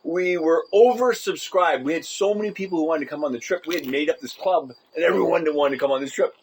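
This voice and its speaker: A man with a slightly high voice tells his stories in a casual podcast chat. He is animated, acts out the people in them and laughs often. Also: fast, a little hiss or hum, poor audio. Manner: animated storyteller, acts out quoted teachers with shouts and laughs. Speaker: podcast co-host.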